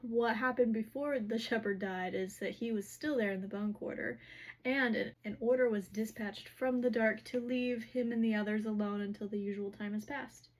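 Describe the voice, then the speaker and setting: A woman's voice: a little high, fairly even intonation, moderate pace. A woman casually recapping a fantasy novel for her vlog, rambling and filler-heavy. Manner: rambling, heavy use of "like" and "whatever". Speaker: book recap vlogger. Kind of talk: casual chatty book recap.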